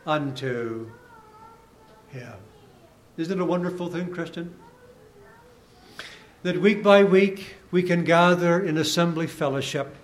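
Slow, high-voiced earnest male preacher. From Canada. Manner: earnest, deliberate preaching with rising emphasis and soft drops. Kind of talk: sermon.

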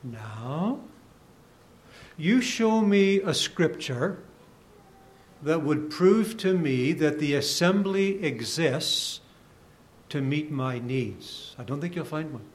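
A man preaching a sermon in an earnest, deliberate way, rising for emphasis and dropping softly at the ends of phrases. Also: on the high side, animated. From Canada.

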